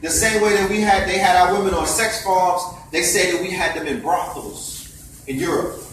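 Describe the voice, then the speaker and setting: A man lecturing a gathering with fiery, preachy intensity, stacking up one rhetorical question after another. His voice sits high and sounds sharp and bright. It is caught from a distance in a very echoey room. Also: moderate pace, slight background noise. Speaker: speaker addressing a gathering. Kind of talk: impassioned lecture. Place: indoor event space. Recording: echoey room, voice far from mic.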